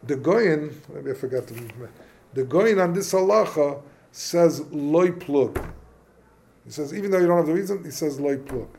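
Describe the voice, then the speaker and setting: A man's voice: on the high side, lively intonation, moderate pace, creaky, darkish tone, slight background noise. A man teaching an informal Torah class, asking questions and mixing in Hebrew and Yiddish terms. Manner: casual, questioning, yeshivish phrasing mixed with English. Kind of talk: informal Talmudic lesson.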